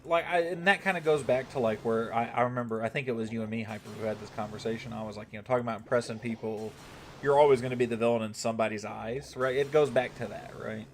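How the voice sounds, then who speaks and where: Hosting a gaming livestream, a man chats casually with his live audience, rambling, cursing freely and repeatedly asking "right?". His mid-range voice is fast with fairly even intonation, over a little hiss or hum.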